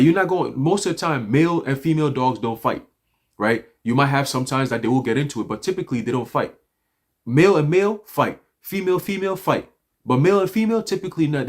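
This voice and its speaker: A man giving an animated, profane, rambling religious talk on a livestream, mixing stories with scripture. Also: medium pitch. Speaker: livestream speaker. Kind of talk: loose religious street talk. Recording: livestream audio.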